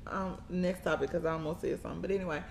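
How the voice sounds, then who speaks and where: A woman hosting a casual chat show, talking in a loose, relaxed way with slang and soft asides. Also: very fast, gravelly, crowd noise. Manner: laid-back, drops into low murmurs, loose slang. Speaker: podcast host. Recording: echoey room, faint ambience.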